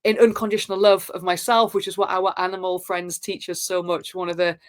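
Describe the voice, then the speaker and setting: A woman, a podcast guest, telling personal stories in an earnest, spiritual way with halting restarts and fillers. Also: on the low side, little pitch movement. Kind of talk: reflective personal storytelling.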